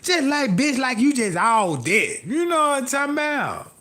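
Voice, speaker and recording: A man's voice: very high-pitched, sing-song, normal speed, bright, forceful tone. A man telling loose, profane stories on a live stream, laughing often and tossing in constant asides. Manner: laughs often while talking. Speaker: livestream host. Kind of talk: rambling live-stream rant.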